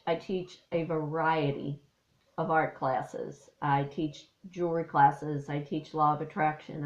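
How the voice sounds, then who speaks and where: An artist and life coach from Missouri records a personal vlog monologue at home, her voice low-pitched. She speaks in a heartfelt, rambling way with lots of fillers, choking up at times. The audio is reverberant with the highs cut off.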